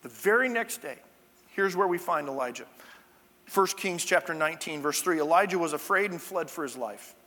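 A man's voice: fairly high pitch, lively intonation, moderate pace, bright, forceful tone. A male pastor giving a conversational sermon, with chatty, jokey asides to the congregation, in a church sanctuary. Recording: long church-hall reverb.

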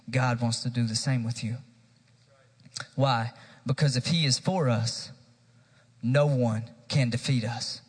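Energetic male preacher, a bit higher-pitched, sermon recorded in a church with long reverb. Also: husky. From Tennessee, USA. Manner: energetic preaching, addressing the congregation directly. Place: church sanctuary.

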